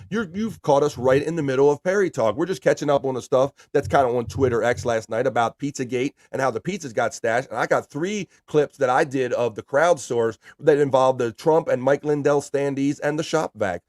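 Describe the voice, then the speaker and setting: A man hosts a laid-back livestream, reading out chat messages and greeting viewers one by one. His voice sits at an ordinary middle pitch and sounds close and dry, with no room echo. He talks loosely and swears casually. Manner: loose and profane, shouting out chatters by name. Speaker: livestream host.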